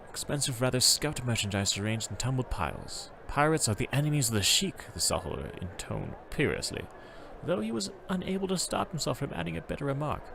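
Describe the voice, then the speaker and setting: A man streaming a travel game, reading its text aloud and chatting casually, in an animated, self-correcting way. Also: mid-range voice, creaky, a little hiss or hum.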